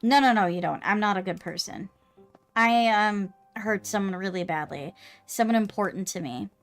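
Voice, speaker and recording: A woman's voice: mid-range voice, normal speed, lightly acted. A remorseful woman warrior from a cozy game, read in a woman's own voice. She talks hesitantly, subdued and heavy. Faint game music runs underneath.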